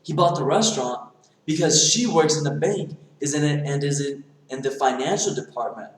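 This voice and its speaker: A man's voice: a little high, normal speed. A man telling a motivational story and acting out the dialogue as he goes. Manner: animated, acts out dialogue in the telling. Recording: very echoey room.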